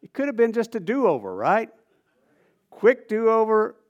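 Man preaching, slightly high voice, casual and animated, drops to near-whispers. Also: unhurried, dull audio. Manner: animated, swinging between loud emphasis and hushed near-whispers; casual, conversational phrasing with restarts. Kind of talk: sermon.

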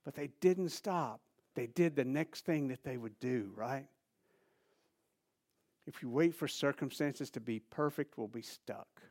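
A man preaching a sermon, animated and repetitive, building emphasis and dropping to soft asides. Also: medium pitch, measured pace. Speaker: pastor.

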